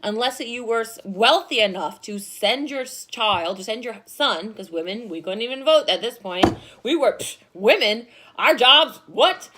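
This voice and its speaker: A woman history teacher, lecturing her class in an excitable, animated way with frequent laughs. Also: a little high. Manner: excitable, fast and loud when enthused, laughs often.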